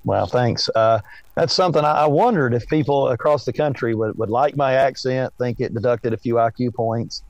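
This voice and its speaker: A man with an Appalachian Southern accent, a history teacher speaking as a podcast guest in a slow, melodic storytelling way. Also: mid-range voice, darkish tone, no room sound. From East Tennessee. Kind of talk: casual interview chat.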